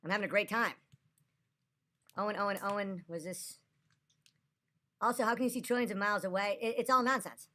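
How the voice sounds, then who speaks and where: A woman's voice: medium pitch, brisk, pauses often, sharp tone. A tipsy woman ranting and arguing on a livestream, agitated and profane. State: tipsy after a few drinks. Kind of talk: livestream rant.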